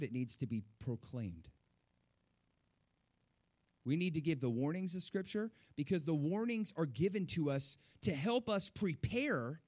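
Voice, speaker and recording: A middle-aged man preaching a sermon to his church, animated, with rising emphasis and repeated words. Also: a little high. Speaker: pastor.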